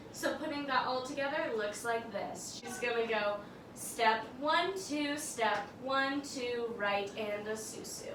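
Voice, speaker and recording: A young woman leads a dance tutorial, upbeat and encouraging as she talks through the steps and counts them out. Her voice sits on the high side, captured from a distant, off-mic position in a roomy space with audible background noise.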